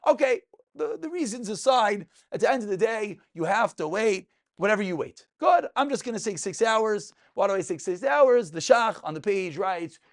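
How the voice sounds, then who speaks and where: A man teaching a lively Talmud class to students in a room, asking and answering his own questions and joking along the way. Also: sits high, normal speed. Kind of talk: lively spoken Torah class.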